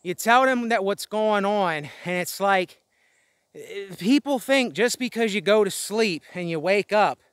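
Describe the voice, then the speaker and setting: Breathless man, high voice, rambling and weary, dry close sound, outdoors. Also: lively intonation, measured pace, a bit bright, no room sound. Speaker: vlogger. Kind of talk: candid venting monologue. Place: outdoors, windy spot above a road.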